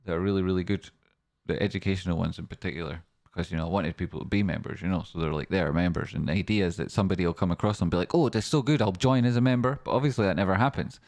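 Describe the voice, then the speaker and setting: Low-voiced young man hosting a livestream. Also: rapid-fire, dry recording. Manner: gets excited, shouts out viewers. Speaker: trading livestream host. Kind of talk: casual live-stream chat.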